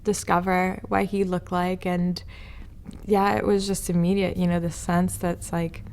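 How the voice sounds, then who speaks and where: A woman speaking as a mother in an interview, her voice sitting slightly low. She sounds emotional and close to tears throughout. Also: level tone, a little slow, darkish tone, a little hiss or hum. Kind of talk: interview storytelling.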